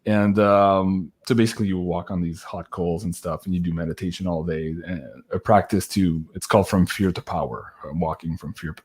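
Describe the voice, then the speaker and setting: A man telling a long personal story in a casual chat, animated, laughing and swearing now and then, with lots of "like" fillers. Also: sits low, a little fast, hardly any pauses, husky. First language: French. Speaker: guest storyteller.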